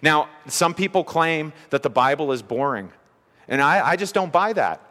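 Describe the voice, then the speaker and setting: A man's voice: a little high, animated, moderate pace, sharp tone. A man preaching an expository sermon as a pastor, earnest and conversational, repeating key points for emphasis. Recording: long reverb of a large hall.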